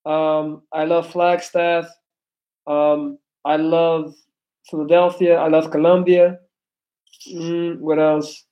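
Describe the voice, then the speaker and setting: A man in his thirties from Belgium with an American accent, chatting loudly and animatedly on a live stream, cussing freely. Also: a little high, level tone, takes it slowly, muffled recording. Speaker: livestreamer. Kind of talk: casual live stream chat.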